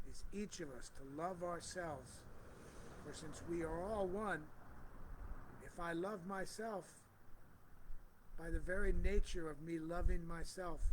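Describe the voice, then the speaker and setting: A man's voice: on the high side, rough recording. A man, a spiritual teacher, speaking fervent, repetitive affirmations and greeting viewers of his live stream. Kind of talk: spoken affirmations and comment greetings. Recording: steady background noise.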